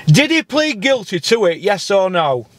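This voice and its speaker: A man's voice: high voice, big pitch swings, moderate pace, fairly bright tone. A man hosting a channel, arguing heatedly, badgering and swearing, repeating "listen, mate". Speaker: channel host. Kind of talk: heated phone argument.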